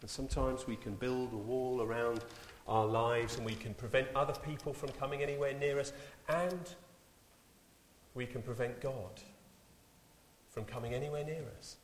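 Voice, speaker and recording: A man's voice: medium pitch, fairly even intonation, moderate pace, slight background noise. A man preaching a sermon, telling a story, then rising to emphatic exclamations. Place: church hall. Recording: echoey church with long reverb.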